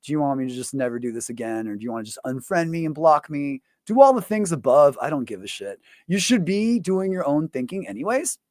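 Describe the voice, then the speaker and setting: Male host, fairly high voice, dry close sound, loose profane rant, lots of fillers. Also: expressive, a little fast, few pauses, darkish tone, no echo. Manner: profane, rambling, full of fillers. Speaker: show host. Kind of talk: casual ranting monologue.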